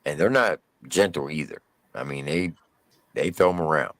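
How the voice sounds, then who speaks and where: A man co-hosting a live stream, telling a story casually with drawn-out emphasis and mild cursing. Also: rumbling low, no echo.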